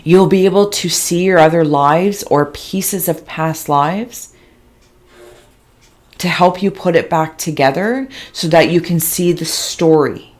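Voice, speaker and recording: A woman giving a slow, halting spiritual reading, describing visions in a soft, emotional, dreamy way. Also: lowish voice. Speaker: intuitive reader.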